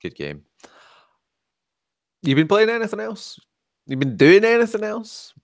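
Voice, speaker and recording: A man co-hosting a casual podcast over a headset, animated and acting out quotes with big jumps in pitch. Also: a little slow, vocal fry, dry recording. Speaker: podcast co-host. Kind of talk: casual chat.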